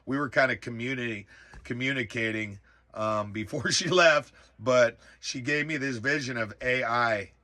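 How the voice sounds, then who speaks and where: Animated man with a bright tone. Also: mid-range voice, unhurried. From rural area. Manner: animated, exclaims in bursts, many fillers. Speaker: storyteller. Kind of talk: casual spoken recollection.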